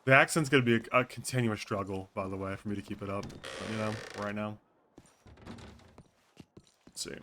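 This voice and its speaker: A man's voice: lowish voice, normal speed, pauses often, bright, forceful tone, a little hiss or hum. A man streaming a role-play game, chatting casually with viewers, thinking aloud and swearing freely. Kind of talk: casual out-of-character chat with viewers.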